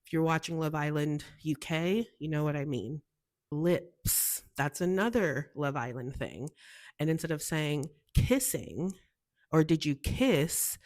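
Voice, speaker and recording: A young woman from the US talks in a casual, gushing way on her own show. Her voice sits low for a woman, and she sounds bubbly and chatty throughout. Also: animated, measured pace, a little mellow. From United States. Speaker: podcast host. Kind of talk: casual solo chat.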